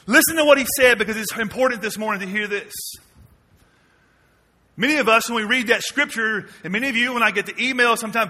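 A man, preaching a sermon to his church, moving between quiet low asides and loud emphatic questions. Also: animated, fairly quick. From Mississippi, US. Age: 40s. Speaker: pastor. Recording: long reverb of a large hall.

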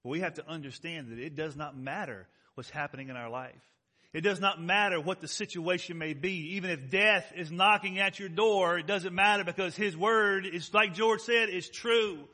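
A male pastor preaching a sermon, emphatic, asking his congregation questions and swinging from loud stressed words to soft, close remarks. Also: high-pitched, normal speed. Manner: rises loud on key words, drops soft and intimate.

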